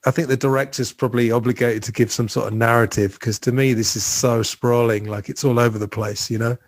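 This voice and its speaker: A man's voice: mid-range voice, fairly even intonation, brisk, no echo. Chatty man hosting a film podcast. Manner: chatty, rambling, trivia-filled storytelling. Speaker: podcast host. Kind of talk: casual film podcast chat.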